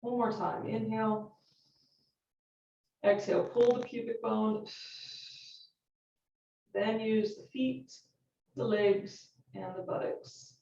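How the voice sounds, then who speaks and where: A woman teaching a yoga class, calmly cueing each movement and breath while counting repetitions. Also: fairly high pitch, takes it slowly, vocal fry, long pauses. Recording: roomy, distant, dull-sounding studio recording.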